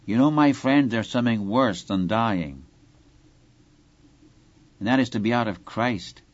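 A man delivers an expository sermon, explaining scripture verse by verse. He speaks earnestly and turns often to address the listener directly. His voice sits at a middle pitch, and the recording sounds a little dull and lo-fi. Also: measured pace. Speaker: preacher. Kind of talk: Bible-teaching sermon.

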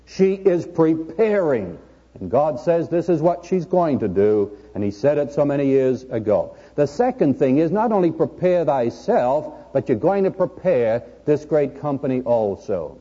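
A man preaching a sermon, his voice swinging up and down with a very dark, husky tone. He calls his listeners "friend" and slows down for emphasis. The dull old recording carries a long hall reverb. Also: on the high side, big pitch swings. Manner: addresses listeners as friend, dramatic pauses. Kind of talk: sermon on prophecy.

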